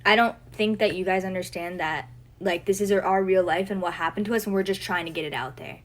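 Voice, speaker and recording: A woman's voice: mid-range voice, brisk, rough recording. Young woman, livestream host; casual, flustered delivery full of filler words. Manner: flustered, loses her train of thought; heavy use of "like" fillers.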